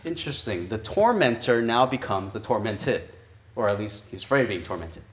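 A man's voice: lowish voice, expressive, a little fast. A man preaching a conversational sermon as pastor. He thinks aloud and keeps asking his listeners rhetorical questions. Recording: echoey room.

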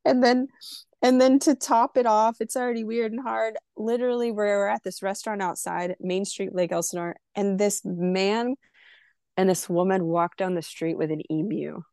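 A woman's voice: mid-range voice, fairly even intonation, normal speed, darkish tone, dry recording, studio quality. A woman from California, a podcast guest, candidly telling a personal story and acting out the dialogue. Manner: candid, emotional, acts out quoted dialogue.

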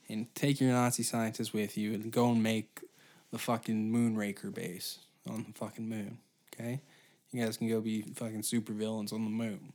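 A man's voice: lowish voice, flat delivery, normal speed, a little mellow. A man from Canada hosting a solo comedy podcast, rambling and profane as he riffs off the cuff. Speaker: podcast host.

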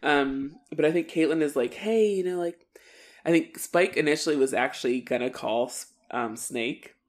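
A woman's voice: extremely low pitch, fairly even intonation, a little fast. Chatty woman recapping an episode. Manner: chatty storytelling, acts out characters' lines, laughs. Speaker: podcast co-host. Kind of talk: casual episode recap narration.

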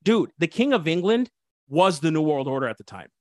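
Assistant pastor guest, fervent and preachy, light higher voice, dry close sound. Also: male voice, very animated, a little fast, no room sound. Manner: fervent, preachy, frequent restarts and "dude". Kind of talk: impassioned interview talk.

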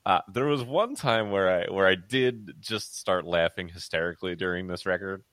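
A man's voice: deep voice, moderate pace, a bit bright, dry recording. A man co-hosting a music podcast, talking casually and rambling with fillers and restarts. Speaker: podcast co-host. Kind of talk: casual music review chat.

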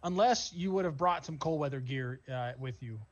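A man acts as game master for a tabletop role-playing game, laying out scenes in an easygoing manner full of fillers. His voice sits on the high side and moves at a normal speed, and the recording sounds muffled.

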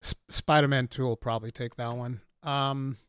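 A man's voice: mid-range voice, normal speed, clear, resonant tone, no room sound. Blunt, opinionated man with a dry sound. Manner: blunt and opinionated, swears, gets animated. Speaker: gaming podcast co-host. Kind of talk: casual chat.

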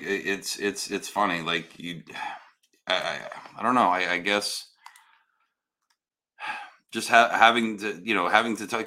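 A man talking loudly and bluntly in casual chat, cursing freely and restarting his sentences often. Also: low voice. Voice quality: hard of hearing. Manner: loud, blunt, swears freely, many restarts.

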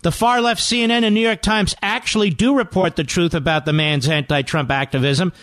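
A man's voice: sits high, fairly even intonation, fairly quick, a bit bright, dry recording. Combative talk-radio man, dry studio sound. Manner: combative, reads headlines aloud with rising emphasis. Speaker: radio talk show host. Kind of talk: political talk radio monologue. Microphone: studio microphone.

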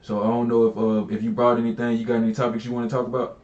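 A man's voice: medium pitch, little pitch movement, very fast, a little mellow, roomy sound, muffled recording. A man hosting a casual call-in podcast, talking in a laid-back, joking way. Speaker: podcast host.

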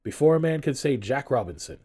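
A man voicing a jovial, fat old merchant who calls out loudly and merrily, in an audiobook reading. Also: very animated, a little fast, breathy edge. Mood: jolly. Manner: booming hearty calls.

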